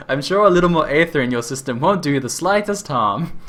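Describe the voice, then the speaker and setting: Brief: streamer doing a hammy Aussie mad scientist, eccentric and cackling, read aloud from game text. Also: male voice, fairly high pitch, expressive, a little fast, a bit bright. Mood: excited fussing. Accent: over-the-top Australian stereotype. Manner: exaggerated, cackling quest-text reading. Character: eccentric male scientist and inventor, gleeful and reckless. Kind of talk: reading game dialogue aloud in voices.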